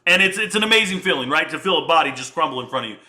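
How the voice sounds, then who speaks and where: A man in his thirties giving casual, slangy commentary and telling a story in an animated, conversational way. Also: a little high, rapid-fire.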